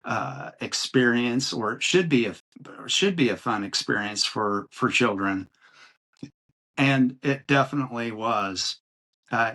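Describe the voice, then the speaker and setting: An older man hosting a podcast, telling family memories in a halting, reflective way with many fillers and restarts. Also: mid-range voice, fairly bright tone. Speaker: podcast host. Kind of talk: rambling personal storytelling.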